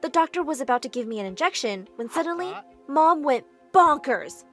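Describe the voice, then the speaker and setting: Woman narrator, high and animated, expressive storytelling read. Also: brisk, soft background music. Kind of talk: scripted first-person story narration.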